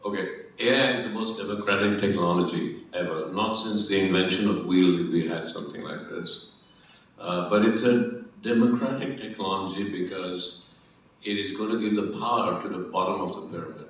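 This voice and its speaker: A man's voice: sits low, normal speed. Man telling a story in an echoey hall. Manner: storytelling, mixing Hindi phrases. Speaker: panelist. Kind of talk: conference panel talk with anecdote. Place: large hall. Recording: echoey hall, distant dull mic.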